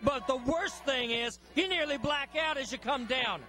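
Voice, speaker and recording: A man giving wrestling color commentary in a very high-pitched voice. His delivery is folksy and emphatic, with homespun phrases about the action. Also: normal speed, sharp tone, soft background music.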